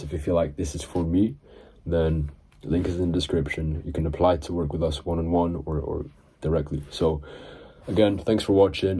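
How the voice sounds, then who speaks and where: A young man talks straight to camera about selling, earnest and a little rambling, catching and fixing his own words as he goes. His voice sits low and very dark, with a husky edge to it. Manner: rambling, self-correcting, earnest. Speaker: sales coach and channel host. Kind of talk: casual talking-to-camera advice. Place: indoors in front of a camera.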